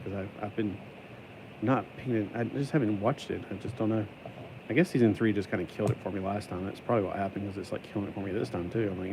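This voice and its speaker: Here a man building a LEGO set for his YouTube channel talks to himself in a rambling way, singing and joking, and puts on a stuck-in accent today. His fairly low voice is steady in tone and quick-paced, with background noise behind it.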